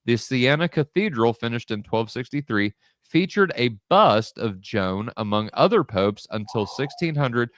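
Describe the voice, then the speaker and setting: A man co-hosting a casual podcast, unhurried and easygoing, reading out listener comments. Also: expressive, a bit bright, no echo, studio quality. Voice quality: normally a bass voice. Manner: laid-back, laughs a lot, reads out chat comments. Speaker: podcast co-host. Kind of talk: casual chat.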